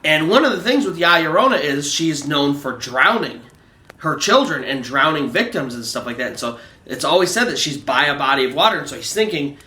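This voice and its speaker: High, bright-voiced man telling a ghost story. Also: sing-song, fairly quick, roomy sound. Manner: loose and conversational, many "you know"s. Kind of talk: narrating a true ghost story.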